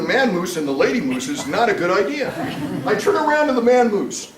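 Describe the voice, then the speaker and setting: Animated man teaching a Bible class. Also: high voice, moderate pace, a loud crowd. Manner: animated, humorous storyteller. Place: church classroom. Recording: echoey room, distant mic, background noise.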